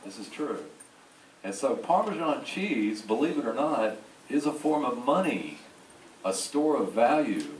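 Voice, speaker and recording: A man from New Orleans with a Southern accent gives a slow, folksy lecture on a cruise ship and drops joking asides. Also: medium pitch, big pitch swings, a little hiss or hum. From New Orleans, Louisiana. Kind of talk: slide lecture to an audience. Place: large ship lecture hall. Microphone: far from the recording mic. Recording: echoey hall taped from far off.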